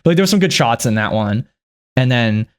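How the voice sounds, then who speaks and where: A man's voice: medium pitch, expressive, brisk, smooth. A young man ranting casually and comically about a film, rambling, swearing and slipping into mock impressions. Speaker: youtuber reviewing a film. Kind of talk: casual comedic movie rant.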